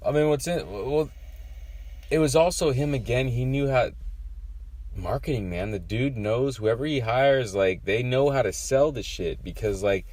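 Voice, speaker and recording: A man co-hosting a casual movie podcast, excitable and profane, jumping from thought to thought as he talks. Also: medium pitch, moderate pace. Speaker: podcast co-host. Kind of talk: casual movie-review chat.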